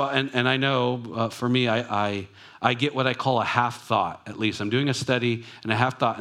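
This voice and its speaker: A man's voice: mid-range voice, a bit bright. Conversational male pastor preaching. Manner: conversational, reflective, with personal asides. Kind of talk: sermon.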